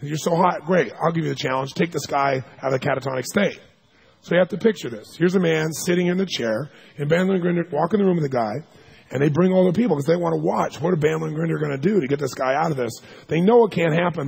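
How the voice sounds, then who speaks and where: A man giving a seminar talk, telling stories in an animated way and acting out the people he quotes, sometimes with sudden loud shouts. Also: a little high, vocal fry, breathy edge. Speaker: seminar speaker. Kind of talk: storytelling lecture.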